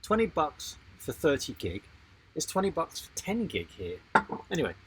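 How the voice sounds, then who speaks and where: A man co-hosting a casual live-stream chat about sailing, animated and jokey, reading out viewer comments. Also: a little high, normal speed, a little hiss or hum, low-quality recording. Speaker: sailing channel co-host.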